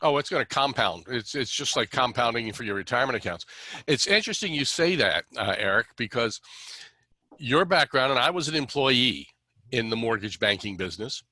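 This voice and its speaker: A man's voice: medium pitch, lively intonation, fairly quick, bright, forceful tone, no room sound. A middle-aged man hosting a podcast interview, talking conversationally, affirming his guest and adding a little dry sarcasm. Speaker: podcast host.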